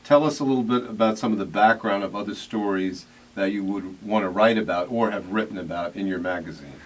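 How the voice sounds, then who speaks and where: Low-voiced male radio host. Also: fairly quick. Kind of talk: radio interview. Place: radio studio in New York.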